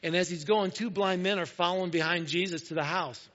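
A man preaching in a church, telling the story casually and dropping to a hushed voice to make a point. His voice sits a little high, and the sound is dull and lo-fi, with long hall reverb. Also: steady tone, brisk. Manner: casual, conversational storytelling that often drops to a soft, hushed voice. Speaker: pastor. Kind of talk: sermon retelling a gospel story. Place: church sanctuary.

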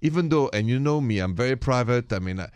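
Man, French accent, radio call-in host, chatty, mid pitch, dry close mic. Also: lively intonation, fast, a little mellow, smooth, no room sound. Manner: chatty, mixes in French greetings.

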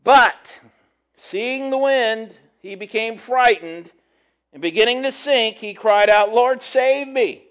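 A man preaching a conversational sermon, reading scripture and adding relaxed, chatty asides. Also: high-pitched, slow.

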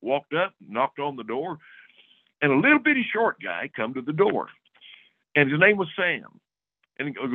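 Lively man telling a story over a tinny line. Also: on the high side, normal speed, pauses often, dry recording. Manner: lively storyteller, acting out other people's lines. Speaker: podcast guest. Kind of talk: casual storytelling. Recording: tinny phone-like dry recording.

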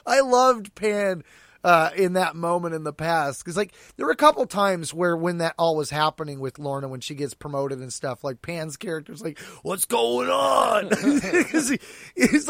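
A man chatting casually as a podcast co-host, animated and laughing often as he acts out quoted lines. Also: sits high, no room sound, studio quality. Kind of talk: casual chat about an audio drama.

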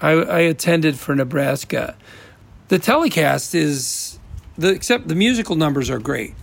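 A man's voice: a little high, lively intonation, moderate pace, creaky, no echo. A man from the American Midwest, a guest on an interview show, chatting casually and rambling with restarts. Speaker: guest actor.

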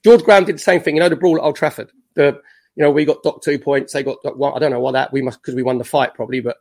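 A man's voice: mid-range voice, racing. A man, a former footballer chatting as a podcast guest and acting out quotes as he tells stories. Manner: animated storyteller, acts out quotes. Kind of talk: casual podcast chat.

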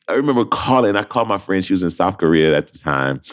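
Deep-voiced man telling animated stories. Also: quick pace, few pauses. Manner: animated, acts out voices in anecdotes. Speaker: interview guest. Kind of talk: casual storytelling.

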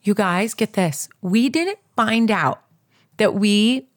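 A woman telling a personal story in a casual, animated way, talking straight to her listeners and skipping details with quick filler. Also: medium pitch. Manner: animated, addresses listeners as "you guys"; fills gaps with "da, da, da".

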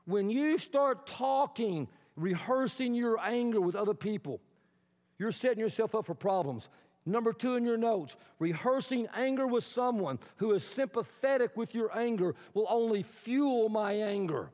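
A man's voice: sits high, animated, normal speed, a little mellow. A male pastor preaching a conversational sermon in a church sanctuary, with dramatic storytelling and rhetorical questions, recorded in a reverberant hall with dull, lo-fi sound.

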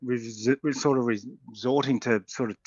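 A middle-aged Australian man, a former rugby player co-hosting a sports radio show, talking in an excited, rambling way and laughing often. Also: mid-range voice, normal speed, no room sound, lo-fi sound. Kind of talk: casual sports radio chat.

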